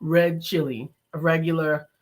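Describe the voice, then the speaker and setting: A woman's voice: deep voice, fairly even intonation, moderate pace. Chatty New woman co-hosting a stream. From the Bronx, New York. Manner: chatty, laughing, reads viewer comments aloud. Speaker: co-host. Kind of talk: casual live-stream chat.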